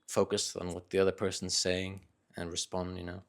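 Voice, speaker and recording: A young man with a low voice that stays fairly flat, speaking in a casual vlog. He muses in a thoughtful, hesitant way, with pauses and restarts as he works out what he means. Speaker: vlogger. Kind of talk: casual reflective talk to camera.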